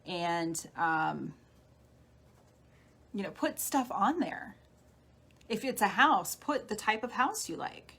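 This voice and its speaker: A woman healer giving a live-streamed talk, guiding listeners gently through steps like a coach. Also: mid-range voice, lively intonation, slow, pauses often, husky. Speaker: spiritual healer. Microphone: phone or webcam on a live stream.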